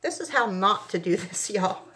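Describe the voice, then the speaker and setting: A woman's voice: mid-range voice, expressive, moderate pace, fairly bright tone. A woman visiting a friend's live craft stream, chatting casually and laughing at her own clumsiness. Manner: self-deprecating, laughs it off. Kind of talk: casual chat.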